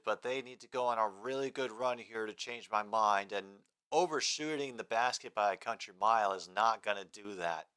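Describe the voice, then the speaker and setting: A man's voice: mid-range voice, pushed and bright, smooth. A man hosting a casual live sports stream, rambling between game commentary and replies to chat comments.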